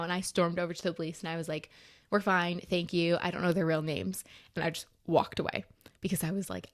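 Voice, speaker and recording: A young woman co-hosting a podcast, telling a story in an animated, exasperated rush, full of "like"s. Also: fairly low pitch. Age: young adult. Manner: animated, rushed, exasperated retelling with many "like"s. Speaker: podcast co-host. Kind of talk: casual storytelling.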